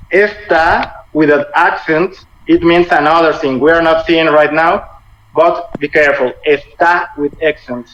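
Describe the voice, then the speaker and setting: A man with a Latin American Spanish accent teaches a lesson over a video call, patiently explaining grammar in simple English. His voice sits a bit high for a man. The audio is muffled, with a faint hiss behind it. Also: a bit bright. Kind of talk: online language lesson.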